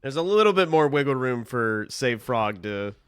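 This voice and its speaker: A man's voice: medium pitch, big pitch swings, normal speed, fairly bright tone, smooth, dry recording, clean studio sound. A man giving easygoing, analytical color commentary on an esports stream and explaining the match rules.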